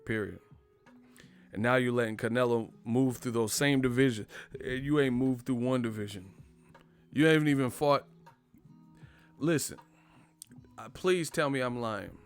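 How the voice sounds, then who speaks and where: A man's voice: mid-range voice, measured pace, pauses often, smooth, faint music behind. A man hosting a boxing channel, ranting in casual live-stream commentary with lots of slang and profanity. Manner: animated, profane, slangy rant.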